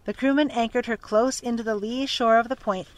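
A narrator reading a children's adventure story aloud at an even, steady pace. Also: mid-range voice, fairly quick.

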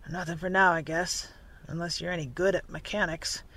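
A reader voicing a big, red-bearded ship captain who gives blunt, matter-of-fact orders, in a storybook reading. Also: male voice, fairly high pitch, level tone, brisk, pushed and bright, voice pushed down. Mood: glum.

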